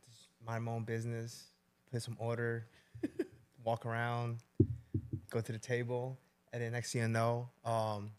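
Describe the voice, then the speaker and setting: A man co-hosting a podcast, telling a story in a relaxed, halting way. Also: mid-range voice, clear, resonant tone. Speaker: co-host.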